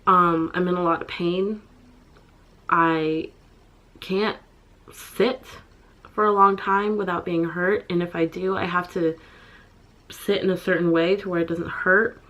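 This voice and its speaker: A young woman vlogging in a halting, upset way, full of pauses and fillers. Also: fairly low pitch, fairly even intonation, fairly bright tone, dull audio. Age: young adult. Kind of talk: personal confessional vlog.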